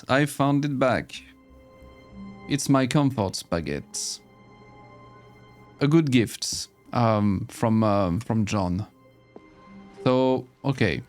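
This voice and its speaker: A man's voice: mid-range voice, animated, very slow, long pauses, darkish tone, soft background music. A man giving casual, joking commentary while playing a video game, reacting with curses. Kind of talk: casual let's play commentary.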